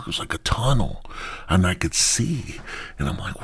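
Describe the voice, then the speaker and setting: A man hosting a podcast, telling a crude comic story full of swearing, dropping into hushed whispers and rising to loud outbursts. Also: deep voice, sing-song, normal speed, slightly rough. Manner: profane, swings between loud and hushed whispers. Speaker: podcast host.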